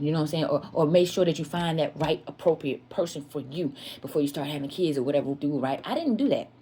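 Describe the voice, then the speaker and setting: Woman, lowish voice, candid storytime vlog, emphatic, confessional, repeats for emphasis, talks to viewers directly. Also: expressive, quick pace, hardly any pauses, dark tone, a little hiss or hum. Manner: emphatic, repeats herself, often addresses listeners as "y'all"; confessional and earnest. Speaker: vlogger telling a personal story.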